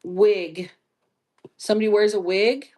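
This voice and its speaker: A woman hosting a live stream psychic reading, talking slowly and musingly and spelling out letters as she goes. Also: mid-range voice, fairly even intonation, mellow. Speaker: psychic reader.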